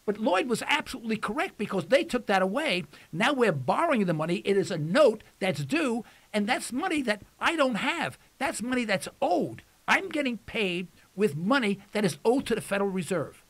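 A man's voice: high voice, very animated, normal speed, few pauses, fairly bright tone. A man hosting a call-in radio talk show in a folksy, emphatic way, repeating phrases for effect, his voice starting to go.

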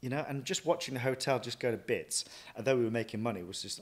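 A man, a chef and restaurant owner, telling stories from his career in a lively way, often acting out what he thought and said. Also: mid-range voice, fast talker. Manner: lively anecdotal, quotes himself often. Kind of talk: casual interview storytelling.

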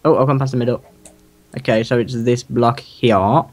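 A man's voice: mid-range voice, steady tone, normal speed, darkish tone. Laid-back man gaming. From United Kingdom. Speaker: co-player. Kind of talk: casual let's-play chat.

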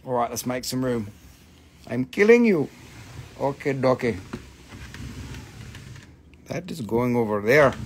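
On a live stream, a man sells rocks and crystals in casual sales chat, full of joking, profane, teasing banter, and when flustered he trails off into repeated fillers. His medium-pitched voice is animated, slow and creaky, with frequent pauses and a little hiss or hum on the recording.

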